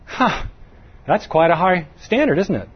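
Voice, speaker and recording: A middle-aged preacher gives a folksy, conversational sermon, posing questions to the audience and raising his voice to emphasize points. He speaks animatedly at a moderate pace with a medium pitch and a breathy edge, and the audio sounds dull.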